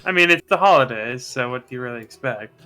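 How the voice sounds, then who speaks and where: A man of middling pitch talking in a chatty, easygoing way with fellow players and swearing freely. His tone is bright and forceful, and faint music plays behind him. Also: animated, fast talker. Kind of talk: casual chat before a tabletop game.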